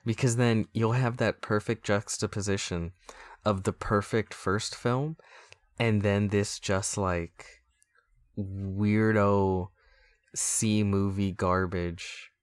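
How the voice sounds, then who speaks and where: A man's voice: fairly low pitch, steady tone, unhurried, no echo, clean studio sound. A man hosting a casual podcast chat, joking, laughing often and swearing freely. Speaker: podcast host who came up with the series.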